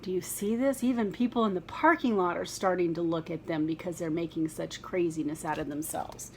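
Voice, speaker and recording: A woman reading a children's picture book aloud, with gentle, chatty asides to young listeners. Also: fairly low pitch, brisk, a little hiss or hum.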